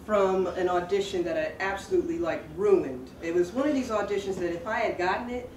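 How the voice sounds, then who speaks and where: A woman's voice: lowish voice, brisk, a little mellow. Chatty woman storyteller in an echoey room. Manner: chatty and digressive, laughing at herself. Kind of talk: personal storytelling. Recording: roomy sound from a distant mic with faint background noise.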